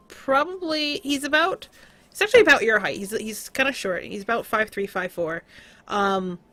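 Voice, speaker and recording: A woman's voice: a little high, measured pace, pushed and bright, dry recording. Woman running a tabletop game, casual and loose, lots of ums. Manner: casual, loose, with frequent fillers. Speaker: game master.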